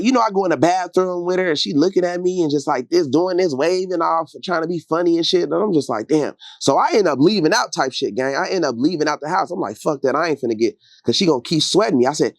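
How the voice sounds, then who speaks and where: A man as an interview guest, telling a story in slangy, animated talk and acting out quotes in high voices. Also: fast, no echo. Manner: gets loud and heated late in the telling.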